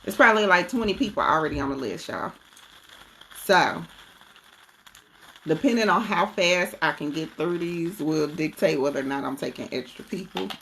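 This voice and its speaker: Gravelly low-voiced woman livestreaming. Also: normal speed, slight background noise. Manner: relaxed, greets viewers, talks to the chat. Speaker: spiritual reader hosting a livestream. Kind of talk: casual livestream chat.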